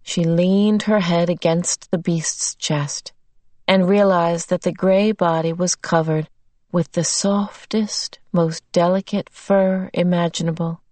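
A woman narrates a novel at a measured, unhurried pace. Her voice sits slightly low. The sound is dry and close. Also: a little mellow, dry recording. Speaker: audiobook narrator. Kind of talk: scripted narration.

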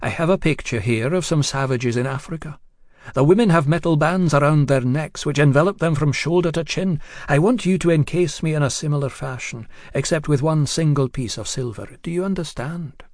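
A nervous, secretive young lady of high standing, as a male storyteller puts her on, speaking in a hushed and hesitant way. The voice sits a little high and is recorded close and dry, with no room sound around it. She reads as urgent and guarded in a storybook telling. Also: fairly quick, no room sound, close to an everyday voice. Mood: pleading. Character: anxious young upper-class lady, secretive and pleading.

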